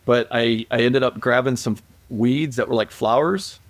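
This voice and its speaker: A man's voice: mid-range voice, moderate pace, dry recording. A man who is a police aviation guest, telling stories in a rambling way with restarts and acted-out quotes. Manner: rambling, repeats and restarts, acts out quoted calls. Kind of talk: casual storytelling interview.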